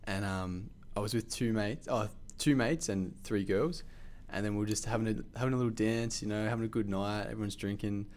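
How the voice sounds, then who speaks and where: A man with a slightly low voice tells a wild story in casual conversation. He is animated and swears freely, and his talk is full of loose fillers. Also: fairly quick, hardly any pauses.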